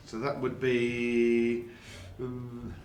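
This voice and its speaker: A man's voice: medium pitch, monotone, extremely slow, darkish tone, slight background noise. A man playing a tabletop game, talking in an offhand, mumbling way. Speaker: player. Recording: echoey room.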